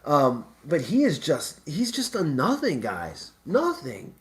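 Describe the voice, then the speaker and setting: A man's voice: on the high side, wildly swooping pitch, slow. A man hosting a live sports talk stream, rambling and stammering through restarts in casual chat. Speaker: live show host.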